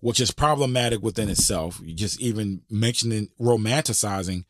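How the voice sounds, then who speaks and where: Podcast host, male, low and dry, earnest and conversational, rises when making a point. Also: a little fast, no room sound. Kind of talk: casual history discussion.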